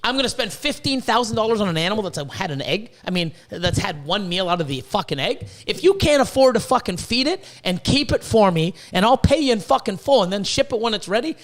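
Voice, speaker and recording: A man's voice: high-pitched, very animated, a little fast, few pauses. A man hosting a podcast, ranting in a worked-up, profane way, with stammered restarts and repeated words. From Canada. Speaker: podcast host. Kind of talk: casual ranting podcast talk.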